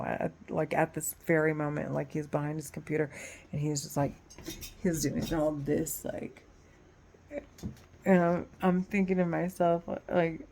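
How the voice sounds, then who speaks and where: Creaky-voiced and casual, this woman talks in a meandering, foul-mouthed monologue peppered with restarts, alternating loud agitation with low mumbling.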